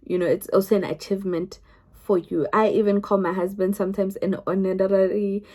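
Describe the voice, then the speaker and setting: A woman's voice: medium pitch, flat delivery, fairly quick, darkish tone. A young South African woman telling her own story to the camera in a chatty way, often restarting her sentences. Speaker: vlogger.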